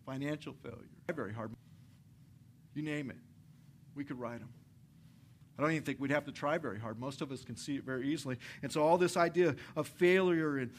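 A man, a pastor, preaching a conversational, energetic sermon in a church, repeating his phrases for effect. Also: on the high side. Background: soft guitar music.

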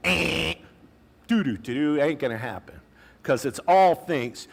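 A male pastor preaching a sermon in a conversational way, with casual asides and slang, slowing down to stress key phrases. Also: on the high side, expressive, creaky.

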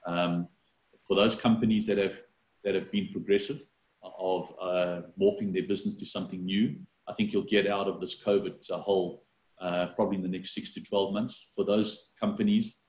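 Deep, flat-voiced man on a video call. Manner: halting, many fillers and restarts. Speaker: company executive interviewed. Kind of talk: interview over video call. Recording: roomy, dull video call audio.

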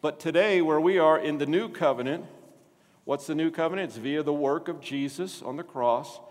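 Man preaching in a church hall; slightly high voice, animated, reverberant. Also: moderate pace. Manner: animated, asks the congregation questions. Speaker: pastor. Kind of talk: sermon.

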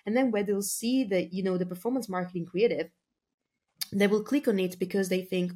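A woman's voice: mid-range voice, a little fast, dark tone. A woman speaking as a marketing guest on a podcast, talking in a chatty, filler-heavy casual way and laughing easily. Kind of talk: casual interview talk.

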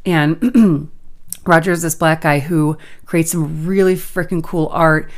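A woman co-hosting a podcast tells a long story in casual chat. Her voice sits a little low, and she acts out what people said along the way. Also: slow. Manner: animated storyteller, acts out quotes. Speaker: podcast co-host.

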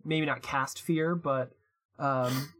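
A man's voice: mid-range voice, steady tone, takes it slowly, fairly bright tone. Male podcast co-host, playful and giggly, casual banter. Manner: playful, giggly, spins absurd ideas. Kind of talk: casual chat.

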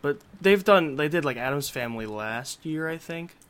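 A young man co-hosting a casual podcast, talking hesitantly and trailing off quietly. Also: fairly high pitch, expressive, normal speed, smooth. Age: young adult. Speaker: podcast co-host. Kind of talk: casual chat.

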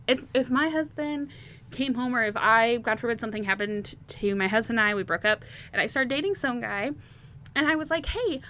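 A woman's voice: a little high, sharp tone, a little hiss or hum. A woman hosting a podcast, recapping a romance novel chapter by chapter in a chatty, candid way, laughing now and then. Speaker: podcast host. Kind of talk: casual book recap.

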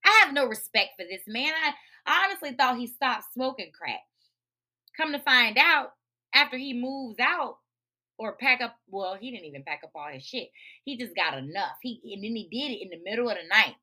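A woman's voice: fairly high pitch, lively intonation, moderate pace, bright, forceful tone. A woman hosting her own podcast, telling a story in a blunt, profane, fired-up rant with speech patterns. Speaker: podcast host.

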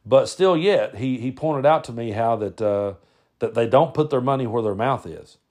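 A man's voice: medium pitch, expressive, moderate pace, darkish tone. Plainspoken Southern man telling a story. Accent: Southern US, Tennessee. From Tennessee. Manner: folksy, plainspoken, with frequent restarts and swearing. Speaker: podcast host. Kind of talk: personal storytelling monologue.

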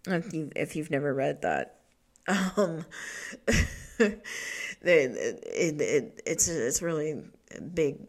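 A woman's voice: sits low, animated, very slow, long pauses. A woman hosting a solo podcast in a rambling, profane way, laughing often and restarting her sentences. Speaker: podcast host. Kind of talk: casual solo podcast talk.

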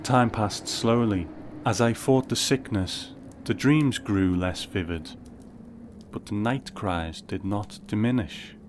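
A man narrating a first-person story in a measured, wry way. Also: lowish voice, slight background noise.

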